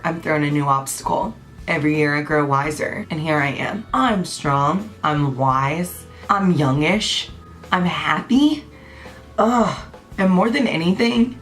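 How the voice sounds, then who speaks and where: A woman, giving a blunt, passionate, unscripted rant to camera, swearing freely. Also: fairly low pitch. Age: 20s. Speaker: vlogger.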